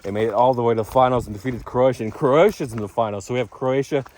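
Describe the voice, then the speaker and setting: Man, mid pitch, chatty rambling vlogger, outdoors, faint noise behind. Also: fast, darkish tone. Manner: chatty, rambling with restarts and fillers. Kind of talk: rambling casual vlog.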